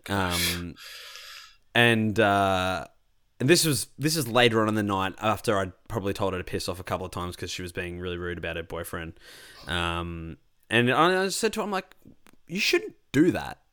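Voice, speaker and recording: A man's voice: deep voice, animated, normal speed, sharp tone, clean tone. A young Australian man telling a rambling party story in casual chat, swearing freely.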